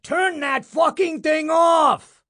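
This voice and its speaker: A man voicing a loud, cranky, middle-aged male film producer with a New York accent who swears and shouts. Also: high-pitched, big pitch swings, takes it slowly, creaky, slightly rough, no echo, clean studio sound, full character voice. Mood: shouting.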